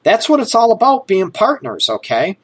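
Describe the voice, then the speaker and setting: A man's voice: sits high, huge pitch swings, moderate pace, husky. A man talking frankly and casually to his listeners as a relationship advice host, joking at times and often checking in with "okay?". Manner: conversational, keeps checking in with "okay?" and "you know".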